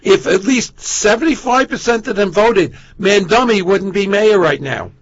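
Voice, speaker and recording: A man in casual conversation who keeps jumping in with teasing wisecracks. His voice sits notably high and husky. The audio is muffled and lo-fi. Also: moderate pace. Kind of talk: casual chat.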